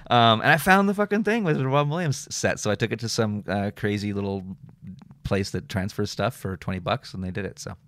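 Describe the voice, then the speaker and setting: A man's voice: on the low side, brisk, fairly bright tone, no echo. A middle-aged man, a comedian and radio host, telling rambling stories with lots of filler words and some swearing in a casual interview.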